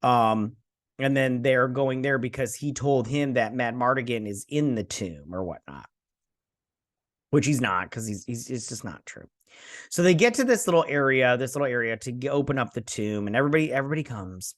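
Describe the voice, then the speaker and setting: A man's voice: medium pitch, expressive, normal speed, no echo, clean studio sound. A man hosting a TV review channel, recapping an episode in a rambling, sarcastic, casual way full of fillers.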